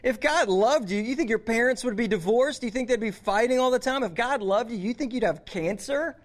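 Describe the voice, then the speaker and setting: A youth pastor voicing the devil as a mocking, accusing tempter, lower and quieter than his own voice. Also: brisk. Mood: taunting. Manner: mocking, taunting, low and hushed.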